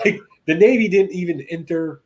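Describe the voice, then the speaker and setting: A man's voice: sits high, moderate pace, a little mellow. A man telling a funny story in casual chat, laughing often and acting out the people he quotes. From rural upbringing. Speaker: guest.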